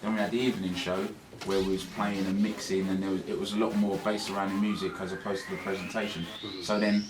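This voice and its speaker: A British man and radio DJ, speaking as a guest to a class about presenting, animatedly acting out examples and shifting his loudness. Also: low-pitched, little pitch movement, quick pace, hardly any pauses, crowd noise. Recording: roomy classroom, distant mic, music behind.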